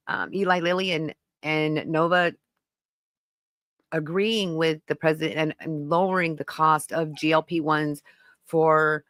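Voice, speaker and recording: A woman's voice: on the low side, fairly bright tone, no room sound. A woman hosting a podcast live stream, talking casually and rambling to viewers in the chat. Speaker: podcast host.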